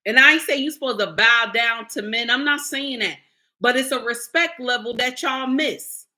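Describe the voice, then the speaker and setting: A woman's voice: on the high side, moderate pace, sharp tone. A middle-aged woman content creator, lecturing and scolding her viewers in a blunt, preachy commentary. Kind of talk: livestream commentary rant.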